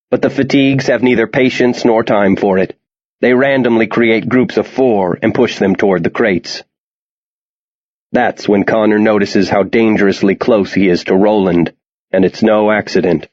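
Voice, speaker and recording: A man narrating a story with steady, tense storytelling. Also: on the low side, lo-fi sound. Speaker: audiobook narrator. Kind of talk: scripted narration.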